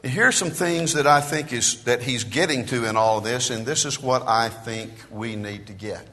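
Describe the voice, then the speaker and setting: Emphatic preacher in a reverberant hall. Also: male voice, medium pitch, moderate pace. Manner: swings from quiet asides to loud emphatic declarations. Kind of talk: sermon. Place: church sanctuary.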